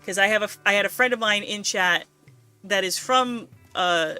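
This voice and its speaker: A woman's voice: mid-range voice, moderate pace, sharp tone, clear, resonant tone, faint music behind. A woman streaming a game, ranting casually and swearing a lot in exasperation. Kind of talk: casual let's-play commentary.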